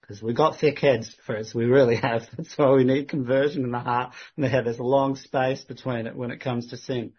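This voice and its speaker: A man recounting to his church a Bible discussion he had, telling it in a lively way and acting out what the other man said. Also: medium pitch, moderate pace, few pauses, slightly rough, muffled recording. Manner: lively retelling that mimics the other man's lines. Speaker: church member recounting a witnessing conversation. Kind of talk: storytelling testimony to a congregation.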